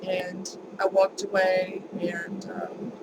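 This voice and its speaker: A woman's voice: fairly low pitch, monotone, slow pace, heavy background noise. A woman vlogger telling a personal story in a chatty, emphatic way, repeating words for stress.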